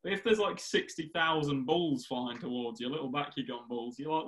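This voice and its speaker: A man's voice: medium pitch, normal speed, a bit bright, rough recording. A young man, joking and rambling in a casual chat with a friend and laughing often.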